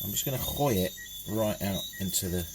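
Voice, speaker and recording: A man's voice: sits low, moderate pace. A British man hosting a travel podcast, chatting casually and wryly outdoors on a river raft and at a jungle kitchen, with the odd swear. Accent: British English. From Britain. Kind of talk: casual travel audio diary. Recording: outdoor field recording with insect noise. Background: chirping birds and crickets.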